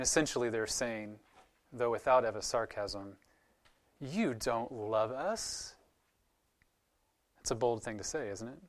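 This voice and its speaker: A man's voice: mid-range voice, fairly bright tone. Man preaching in a chatty, earnest way. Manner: conversational, earnest preaching with rhetorical questions. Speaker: pastor. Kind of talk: sermon.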